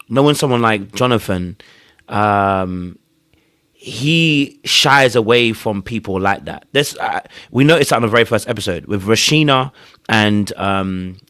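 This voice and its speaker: A man's voice: lowish voice, fairly bright tone, clear, resonant tone, no room sound, clean studio sound. A man on a podcast panel, talking through a reality dating show in a rambling way, restarting his sentences and acting out what a contestant might say. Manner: rambling, restarts, acts out hypothetical quotes. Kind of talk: casual reality-show discussion. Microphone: podcast mic.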